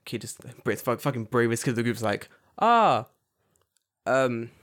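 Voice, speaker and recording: A man telling a long story in casual chat, animated and full of swearing, acting out other people's voices. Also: mid-range voice, a little fast. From United Kingdom.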